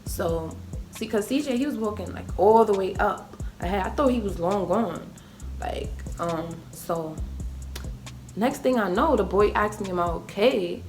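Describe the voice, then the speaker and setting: A young woman telling a storytime vlog, chatty and full of fillers, jumping up high when she acts out what people said. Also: moderate pace, darkish tone, faint music behind. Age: young adult. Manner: acts out quoted voices with sudden high pitch. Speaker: vlogger. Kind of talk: casual storytime.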